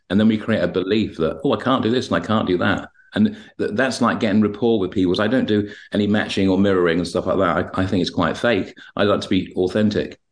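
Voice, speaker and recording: A man, a hypnotherapist, telling stories about his clients on a podcast and acting out the dialogue as he goes. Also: sits low. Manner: rambling, acts out dialogue when retelling sessions. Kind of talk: podcast interview, anecdotal storytelling.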